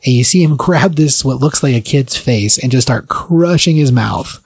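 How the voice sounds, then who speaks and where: A man co-hosting a podcast, casually retelling a comic's plot in a rambling way full of fillers. His voice sits at an ordinary pitch. The sound is close and dry, with no room echo. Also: normal speed, a little mellow, husky. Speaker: podcast co-host. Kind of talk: casual comic book recap.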